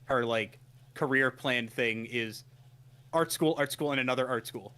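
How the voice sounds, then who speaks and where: This male co-host of a casual anime podcast has a medium-pitched, unhurried voice that sounds pushed, bright and smooth. He rambles through episode recaps, restarting often and laughing in amusement at his own retelling.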